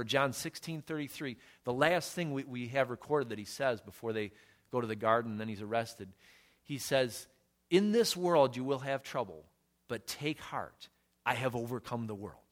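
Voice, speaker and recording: A middle-aged man preaching a sermon as pastor, conversational and earnest, slowing on key phrases and rising to emphatic peaks. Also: medium pitch.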